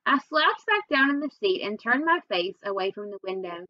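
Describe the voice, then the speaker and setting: A woman reading a children's novel aloud, with expressive first-person storytelling. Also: medium pitch, moderate pace, muffled recording. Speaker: reader.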